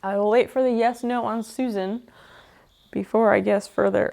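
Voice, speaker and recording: A woman's voice: on the high side, slow, creaky. A woman chatting casually with her live-stream viewers while she restores a table, joking and guessing names. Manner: chatty, joking, talks to chat while working.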